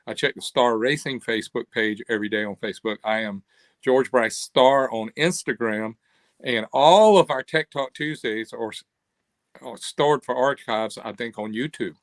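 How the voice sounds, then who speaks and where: An older man, an interview guest telling stories in a lively, animated way. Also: mid-range voice, normal speed, no room sound. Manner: animated storyteller, acts out quoted voices. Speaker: interview guest, cam company owner. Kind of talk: casual interview storytelling.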